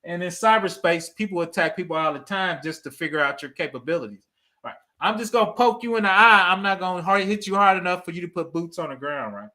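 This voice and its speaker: A man's voice: sits high, lively intonation, fast talker, pushed and bright. A middle-aged man hosting a cybersecurity livestream, chatting casually with his viewers, laughing often and checking in with "right?". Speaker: cybersecurity channel host. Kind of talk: casual livestream commentary reading chat.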